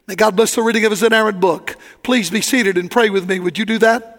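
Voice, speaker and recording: Male pastor, very high voice, long reverb, folksy fervent sermon. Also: a bit bright. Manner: folksy preaching with rising fervor.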